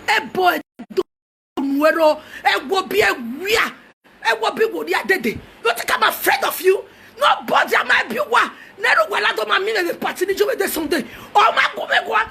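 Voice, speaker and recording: A woman's voice: extremely high pitch, expressive, normal speed, gravelly, bright, forceful tone, slight background noise. A Nigerian woman delivering a heated, taunting rant that switches between languages. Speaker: social media personality.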